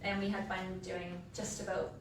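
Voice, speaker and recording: A woman's voice: on the low side, little pitch movement, normal speed, distant mic. Chatty woman giving a eulogy in an echoey hall. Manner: chatty, casual storytelling with filler words. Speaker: eulogist, sister of the deceased. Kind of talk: eulogy told as funny personal stories. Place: funeral home chapel. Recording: echoey hall, voice from afar, room noise.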